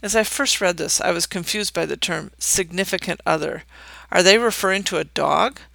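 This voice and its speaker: Guy reading his own essay, wry and dry, gravelly bright voice, slightly higher pitch. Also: moderate pace, no room sound. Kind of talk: scripted essay narration.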